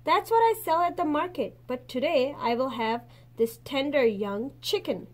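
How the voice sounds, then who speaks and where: A stubborn male fisherman brags in clipped phrases, as a woman reads him aloud from a picture book. The voice sits high. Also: expressive, moderate pace. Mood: boastful.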